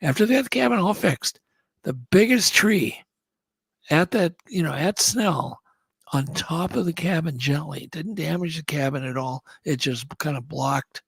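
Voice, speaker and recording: A man on a radio show telling a story in a casual, animated way and acting out what others said. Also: on the high side, moderate pace, creaky, husky, dry recording. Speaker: guest.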